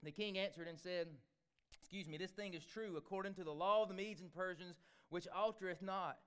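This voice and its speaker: Man, preacher, dramatic sermon, loud then hushed, high pitch, smooth voice. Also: a little fast. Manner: dramatic, swings from loud exclamations to hushed asides.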